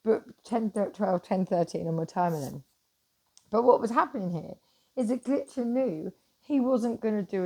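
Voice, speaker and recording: Woman, middle-aged, gravelly, mellow tone, casual vlog chat, sweary and animated. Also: medium pitch. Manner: animated, swears freely, swings from loud to hushed. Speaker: vlogger.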